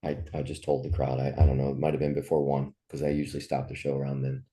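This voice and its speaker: A man's voice: a bass voice, completely flat delivery, quick pace, mellow. A man in his fifties, a musician telling personal stories in an interview, speaking in a raw, profane and heartfelt way. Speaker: musician guest. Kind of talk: candid interview storytelling.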